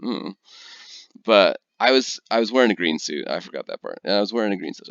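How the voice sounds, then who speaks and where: A man teaching a recorded lecture, telling stories in an animated way and often checking in with his listeners. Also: on the low side, a little fast, creaky, dry recording. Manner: animated storyteller, checks in with "okay?". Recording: dull lo-fi dry recording.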